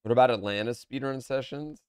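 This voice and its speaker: A man streaming a game from a room at home, chatting in a playful way that swings between low muttering and loud calls. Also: fairly quick, slight background noise. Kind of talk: live gameplay commentary.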